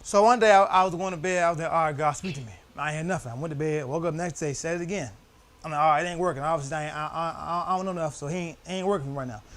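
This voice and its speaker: Young guy, a touch high-pitched, teaching Bible study in a relaxed storytelling way with lots of slang. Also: rapid-fire. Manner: loose, storytelling, laughing often, slangy. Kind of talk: casual Bible study teaching with personal stories. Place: church.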